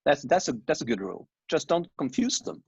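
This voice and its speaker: Raspy gravelly man, frank and opinionated. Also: fairly high pitch, sing-song, brisk, no room sound. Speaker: divorced father. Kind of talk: casual conversation. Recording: dull, dry lo-fi sound.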